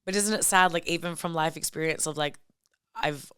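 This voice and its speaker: A woman's voice: deep voice, normal speed, bright, forceful tone, clean tone. A young woman comedian, a guest on a podcast, chatting casually, calling her friend babe and swearing freely.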